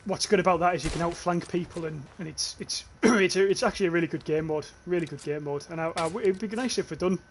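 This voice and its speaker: A man's voice: fairly high pitch, quick pace, hardly any pauses, slight background noise. A young man with a northeast English accent, streaming gameplay live and chatting casually with his viewers, often swearing and restarting his phrases. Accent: northeast English, near North Yorkshire. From northeast England. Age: young adult. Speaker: gaming livestreamer.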